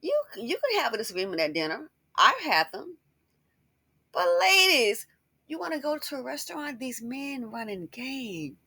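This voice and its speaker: A woman's voice: high-pitched, very animated, moderate pace, gravelly, sharp tone, slightly rough, dry recording, clean studio sound. A woman giving sassy, scolding commentary in a casual style. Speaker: commentary host.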